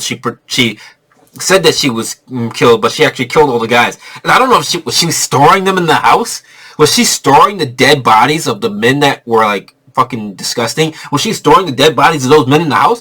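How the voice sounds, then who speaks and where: Rambling, profane male vlogger reviewing a film, bright voice. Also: on the high side. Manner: rambling, profane, filler-heavy. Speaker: movie reviewer. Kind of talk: casual spoken movie review.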